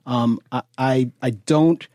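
A man's voice: medium pitch, takes it slowly, darkish tone, no room sound. A man in casual podcast chat, blunt and sardonic, cursing freely.

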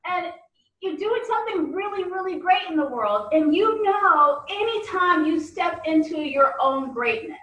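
Woman guest, animated and playful, bright edgy tone, echoey room. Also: very high voice, measured pace, recorded from a distance. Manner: animated, laughs often, playful voices. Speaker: podcast guest, coach. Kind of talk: casual interview chat.

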